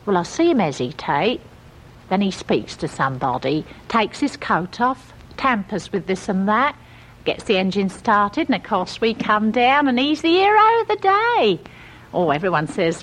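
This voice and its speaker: A middle-aged woman, telling a comic story in a chatty, gossipy, deadpan working-class way. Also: medium pitch, moderate pace. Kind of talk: comic monologue.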